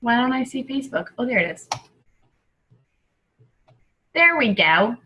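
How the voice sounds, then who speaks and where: Bright-voiced woman coaching on a video call. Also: on the high side, very animated, a little slow, rough recording. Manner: chatty and rambling, thinking aloud. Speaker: online group coach. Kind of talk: casual video call talk.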